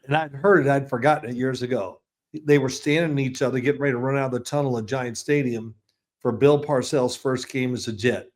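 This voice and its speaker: A man's voice: medium pitch, fairly even intonation, fairly quick. Older man telling rambling stories. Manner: chatty, rambling anecdotes with frequent restarts and chuckles. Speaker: football analyst, interview guest. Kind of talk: casual interview storytelling.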